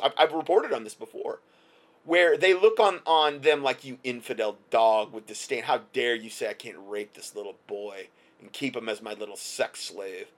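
A male commentator delivering a heated, sarcastic opinion rant, stumbling through repeated restarts. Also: medium pitch.

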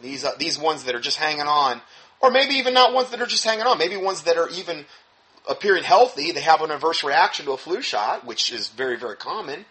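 A man with a bright, somewhat high voice reads news items aloud, then breaks off into emphatic preaching commentary. He drops sarcastic asides and often restarts mid-sentence. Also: sing-song, brisk, poor audio. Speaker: religious teacher.

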